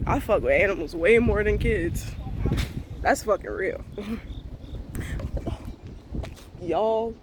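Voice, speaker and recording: A woman in her twenties vlogging a frank, profane morning rant to her viewers, full of slang and talking things through out loud. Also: medium pitch, slow pace, pauses often, background noise. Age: 20s. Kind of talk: casual morning rant to camera.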